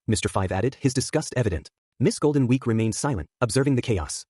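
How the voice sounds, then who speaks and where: A man narrates a fan fiction story in a steady, even reading voice. His voice sits at a middle pitch, and the recording is dry and close. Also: quick pace, husky, no room sound.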